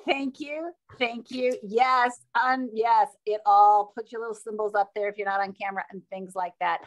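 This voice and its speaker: A woman hosting and moderating a video call, upbeat and chatty, with quick asides to the group. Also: mid-range voice, steady tone. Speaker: meeting host and moderator.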